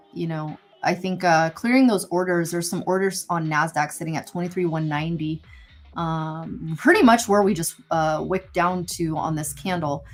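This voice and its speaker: Chatty woman hosting live trading. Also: fairly low pitch. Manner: chatty, laughs easily, thinks aloud. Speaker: host trader. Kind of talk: casual live trading commentary.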